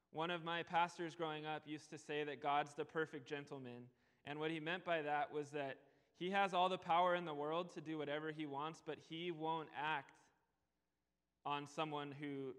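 Young guy preaching, fairly high smooth voice, lots of hall echo. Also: a bit bright. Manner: earnest, slows down to stress key words. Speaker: pastor. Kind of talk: sermon. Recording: long hall reverb.

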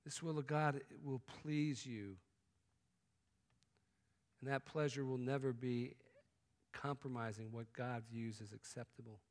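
A man preaching a sermon, swinging from loud exclamations to hushed, intimate tones. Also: medium pitch, fairly even intonation, unhurried, long pauses. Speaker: pastor. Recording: long hall reverb.

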